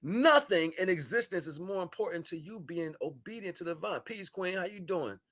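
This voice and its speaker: A man on a livestream giving a spiritual monologue, shifting between solemn murmurs, loud scolding and slangy, laughing chat with viewers. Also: sits high, lively intonation, brisk. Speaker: live stream host. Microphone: live stream microphone.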